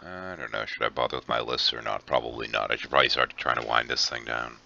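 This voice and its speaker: A man's voice: very deep voice, fast, creaky, bright, forceful tone. A man hosting a casual late-night voice chat, loose, crude and joking. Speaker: host. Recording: dull lo-fi voice chat with faint noise.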